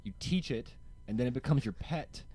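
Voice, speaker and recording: A man's voice: mid-range voice, animated, normal speed, a little mellow, husky. A young man co-hosting a podcast in casual, joking chat, laughing often and swearing freely. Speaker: podcast co-host.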